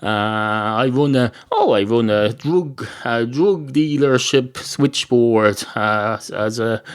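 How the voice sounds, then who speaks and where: Comic sketch: guy playing a grumpy, cheeky barman, blunt and sardonic, mid-pitched. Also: slow, smooth, natural voice. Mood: blunt, defensive.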